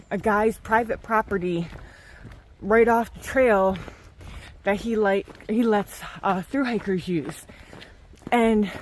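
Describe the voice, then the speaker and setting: Slow-talking, high-voiced woman hiker vlogging outdoors. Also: slight background noise. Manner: chatty, animated storyteller. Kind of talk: casual trail vlog. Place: outdoors on a mountain trail.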